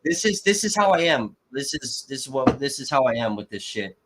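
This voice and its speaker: A man's voice: medium pitch, very animated, fairly quick, noisy background. A man hosting a live stream, reacting to court footage in an agitated, constantly swearing rant. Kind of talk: profane live-stream commentary.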